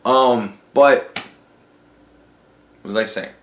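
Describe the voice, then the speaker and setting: A man's voice: mid-range voice, very slow, a bit bright, reverberant, a little hiss or hum. A man hosting a podcast, telling a profane story in a casual, ranting monologue. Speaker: podcast host.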